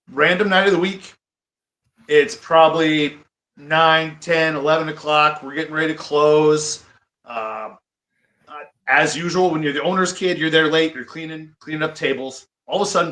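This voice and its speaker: A middle-aged man from the American Midwest tells stories as a guest, lively and eager. His voice is bright and forceful, sitting a bit high. The studio around him rings with echo. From Iowa, US Midwest. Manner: animated, breaks into excited fanboy quotes. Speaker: guest wrestler. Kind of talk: storytelling interview. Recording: echoey studio room.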